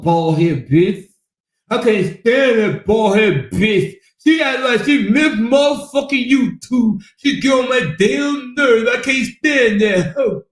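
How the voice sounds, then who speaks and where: A woman putting on a sloppy drunk woman who slurs every word and yells with pure hatred, her voice pitched up and the shouts carrying off the microphone in a roomy echo. It is a loud, drawn-out, boozy tirade. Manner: slurred, shouting rant. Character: drunk slurring woman, furious and hateful.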